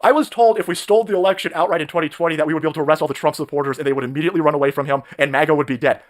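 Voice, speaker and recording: A man hosting a live stream, ranting in a profane, mocking way and shouting often. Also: on the high side, steady tone, rapid-fire. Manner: profane, mocking, shouting rants with mimicked voices.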